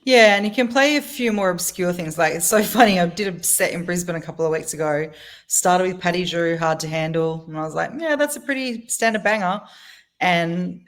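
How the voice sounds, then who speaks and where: A woman's voice: on the low side, a little fast. A middle-aged Australian woman, a guest DJ, telling stories in a casual chat, laughing often and acting out what people said. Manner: chatty storyteller, laughs often, acts out quotes.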